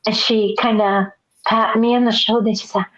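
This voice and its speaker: A woman's voice: mid-range voice, brisk. Woman telling a story on a lo-fi call. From Nebraska, US. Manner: storytelling, animated, laughing often. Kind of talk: casual chat. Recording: dull lo-fi audio.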